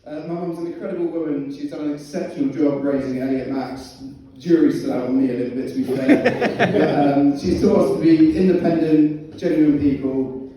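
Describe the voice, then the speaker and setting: A man's voice: on the high side, normal speed, few pauses, warm tone. A young man giving his wedding speech as the groom, joking and chuckling through his lines. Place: wedding reception hall. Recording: echoey hall, distant mic, noisy.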